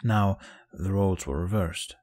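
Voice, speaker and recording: A man narrating a fan fiction audiobook in a calm, even storytelling manner. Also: low-pitched, unhurried.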